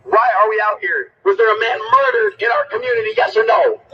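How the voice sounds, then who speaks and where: A man speaking at a rally, shouting rhetorical questions at the crowd. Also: very high-pitched, expressive, fast talker. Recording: distant, muffled, noisy livestream audio.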